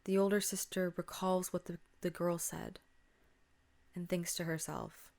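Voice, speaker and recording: Low-voiced woman telling a spooky story. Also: flat delivery, a little slow, gravelly, darkish tone. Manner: chatty, drops to a whisper at tense moments. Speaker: podcast host. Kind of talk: casual spooky story retelling.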